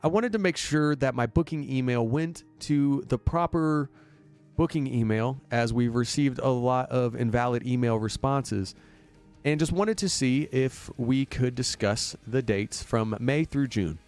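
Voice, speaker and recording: A man voicing a polished professional booking agent, speaking in formal, smooth phone-call politeness. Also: mid-range voice, a little slow, a little mellow, soft background music, close to an everyday voice. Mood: businesslike.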